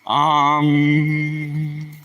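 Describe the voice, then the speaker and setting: A man's voice: on the high side, monotone, drawn-out words, a bit bright, dry recording, distant mic, muffled recording. A man streaming casually, joking around and talking to his dog while out on a walk.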